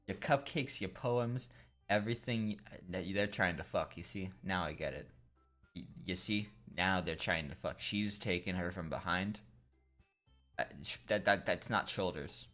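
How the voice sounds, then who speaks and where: Deep-voiced crude rambling young man. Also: unhurried, a bit bright, soft background music. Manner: crude, rambling, jokey, swears a lot. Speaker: gameplay commentator. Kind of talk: casual gameplay commentary.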